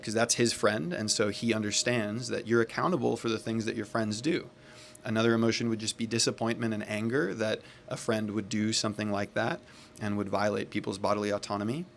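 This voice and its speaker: A man tells a story in a calm, reflective way. He sounds earnest and unhurried, with a low voice that has a gravelly edge. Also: a little hiss or hum. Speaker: men's accountability facilitator. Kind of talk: casual storytelling.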